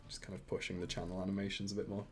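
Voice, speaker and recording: A man's voice: low-pitched, monotone, very fast, soft background music. A British man chatting casually with his livestream viewers while he animates, rambling and chuckling between thoughts. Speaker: animator streaming live.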